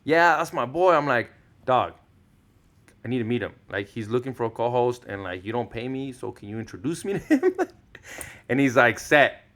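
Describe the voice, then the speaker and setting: A man's voice: mid-range voice, moderate pace. Spanish-first guy in his 30s, podcast guest telling stories, slangy, swears a lot, does everybody's lines. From Mexican-American, Southern California. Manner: animated storyteller, slangy, swears, acts out quotes. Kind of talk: casual podcast storytelling.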